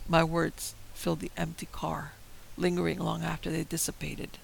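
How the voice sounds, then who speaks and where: A man's voice: fairly high pitch, level tone, normal speed, gravelly, a little hiss or hum, poor audio. A man telling a first-person horror story in a dramatic, tense manner. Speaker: narrator.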